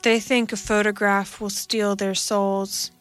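A woman voicing a dazed, haunted man who speaks in a strained, soft monotone in a read-aloud story. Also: medium pitch, slow, no room sound, soft background music.

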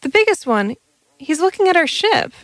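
A woman's voice: very high voice, big pitch swings, normal speed, dry recording, voice pushed up. A woman voicing a cautious, conscientious male alien hunter who protests anxiously. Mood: worried.

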